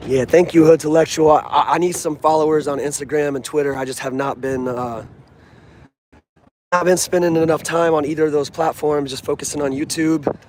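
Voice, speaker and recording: Young guy fan vlog outside, kinda high voice, talks straight and earnest with slang. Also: brisk, slight background noise. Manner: animated, earnest, streetwise slang. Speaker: sports fan vlogger.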